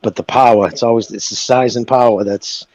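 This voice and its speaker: A man's voice: medium pitch, steady tone, a little fast, darkish tone, no room sound, highs cut off. A man joining a casual podcast who rants and swears freely. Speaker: podcast guest. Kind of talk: casual boxing podcast chat.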